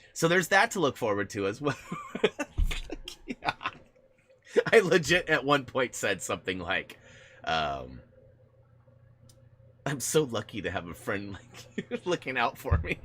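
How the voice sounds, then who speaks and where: A man's voice: mid-range voice, sharp tone. A man hosting a casual live stream on a gaming headset, rambling with many restarts, laughing often and answering viewer chat.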